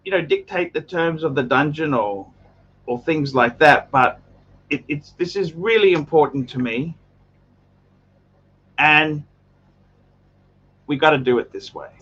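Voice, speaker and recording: A man's voice: fairly high pitch, a little slow, pauses often, fairly bright tone, husky, lo-fi sound. An Australian man hosting a livestream in casual chat, earnest and repetitive, stumbling over restarts. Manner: earnest, repeats himself, stammers on restarts. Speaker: livestream host.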